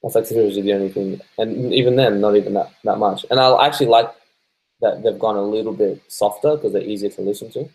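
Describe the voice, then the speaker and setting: A man's voice: fairly low pitch, fast talker, a little mellow, rough recording. A man with an Australian accent, stoned and laid-back, chatting casually on a live stream as he reads viewer comments aloud, swearing freely and laughing often. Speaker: live-stream host reading viewer chat.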